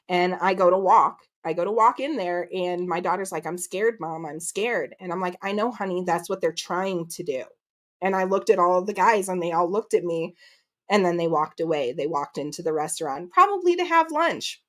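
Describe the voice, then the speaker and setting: A woman's voice: on the low side, moderate pace. A woman, likely in her thirties, telling a story in casual chat, acting out quotes and swearing freely. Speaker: guest.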